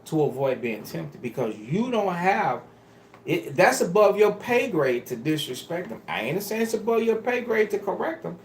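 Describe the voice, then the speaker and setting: Man, preacher, sermon, emphatic, pleading, swinging pitch, echoey room. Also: big pitch swings, normal speed, slight background noise. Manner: emphatic, pleading and exhorting the congregation; casual, street-style phrasing. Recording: roomy echo.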